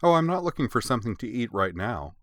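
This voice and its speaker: A man's voice: mid-range voice, lively intonation, fairly bright tone, no room sound, studio quality, pitched above the performer's own voice, lightly acted. A man voicing a cheerful, chatty sixteen-year-old girl. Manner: bubbly, quick.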